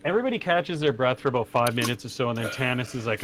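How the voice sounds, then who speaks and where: A man's voice: medium pitch, lively intonation, background noise. A man narrating a tabletop game as game master, casual and swearing. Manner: casual, swears, voices characters in quick asides.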